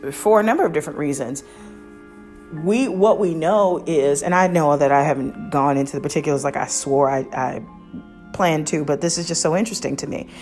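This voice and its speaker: Deep-voiced woman podcaster, rambling opinions, soft music in back. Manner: chatty, opinionated, many restarts and asides. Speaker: podcast host. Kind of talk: casual review chat.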